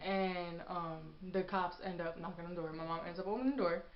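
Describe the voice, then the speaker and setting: A woman's voice: fairly low pitch, a little fast, a little hiss or hum. Young woman rambling thru a storytime vlog, lots of "like", echoey room, kinda muffled. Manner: rambling, animated storytelling full of fillers. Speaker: vlogger. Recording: echoey room, dull lo-fi sound.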